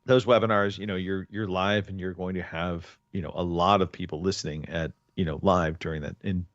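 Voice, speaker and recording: A man's voice: sits low, fairly even intonation, a little fast, no echo, dull audio. A man hosting a casual podcast chat, talking in long rambling stretches with many restarts. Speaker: podcast host.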